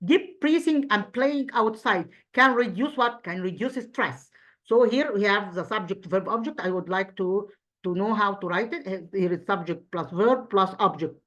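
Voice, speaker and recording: A woman's voice: mid-range voice, normal speed, a bit bright. A woman English teacher with an Egyptian accent, going through an exam review step by step and answering her own questions. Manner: explains step by step, asks and answers own questions, frequent restarts.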